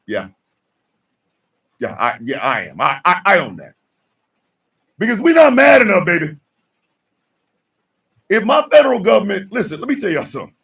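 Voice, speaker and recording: Host: male, high and lively pitch, gravelly, fired-up ranting monologue, slightly distant mic. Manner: fired-up and shouting, mock call-outs. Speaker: morning show host. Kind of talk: ranting talk show monologue.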